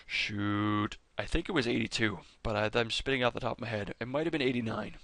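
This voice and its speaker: A man's voice: mid-range voice, brisk, a bit bright. A man hosting a fan video, chatting casually over clips with enthusiasm, rambling and often stopping to correct himself. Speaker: fan video host ranking characters.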